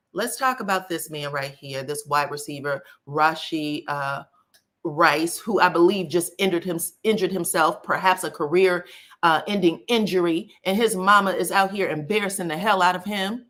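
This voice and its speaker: A woman's voice: fairly low pitch, normal speed, a bit bright. A woman hosting a casual live gossip stream, chatting to viewers and reading their comments aloud. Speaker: celebrity gossip host.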